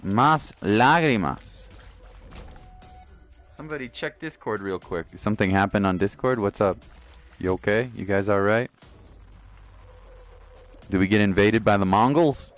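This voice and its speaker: Laid-back male gaming streamer, deep voice, faint music under him. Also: normal speed, long pauses. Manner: laid-back, chatty, talks to chat. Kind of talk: casual live-stream chat.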